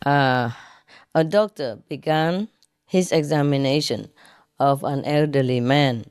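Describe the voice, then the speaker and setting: Slow, low-voiced woman telling jokes. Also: darkish tone, clean tone, dry recording, studio quality. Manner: laughs often at her own jokes, explains punchlines; hesitant fillers. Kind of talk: casual joke-telling.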